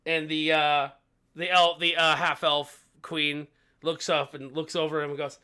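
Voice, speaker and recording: A man narrating a tabletop game as game master, halting with frequent fillers and restarts. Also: a little high, level tone, pushed and bright, clean tone.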